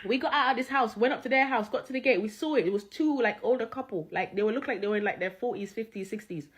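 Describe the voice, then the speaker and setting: Woman, high voice, slangy storytime, animated. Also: quick pace. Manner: animated, slangy, laughing while telling. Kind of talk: casual storytime chat.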